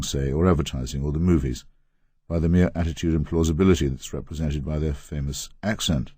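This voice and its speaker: An English man narrating his memoir as an audiobook in a wry, measured, ironic way. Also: a bass voice, a little mellow, slightly rough, no room sound, clean studio sound. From England.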